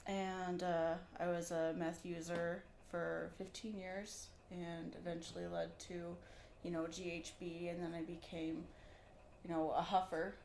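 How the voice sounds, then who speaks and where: Candid woman in her thirties, lowish voice. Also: a little mellow, echoey room, a little hiss or hum. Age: 30s. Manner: candid, laughs easily. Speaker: guest. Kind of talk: casual interview.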